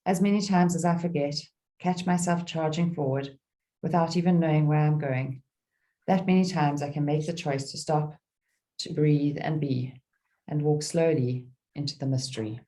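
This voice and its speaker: A middle-aged woman leading a guided meditation and reading a poem aloud, speaking slowly and soothingly with gentle pauses. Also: deep voice, steady tone.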